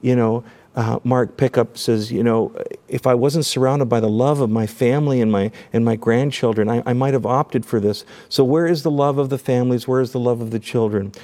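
Middle-aged canadian guy on a talk show, earnest, keeps repeating words, warm mellow voice. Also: medium pitch, a little fast. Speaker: guest, documentary maker.

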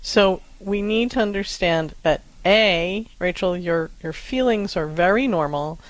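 A woman with a fairly low voice gives parenting advice in a calm, reassuring manner. Her speech is measured, recorded close and dry. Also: no room sound, poor audio. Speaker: parenting show co-host. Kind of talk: advice talk.

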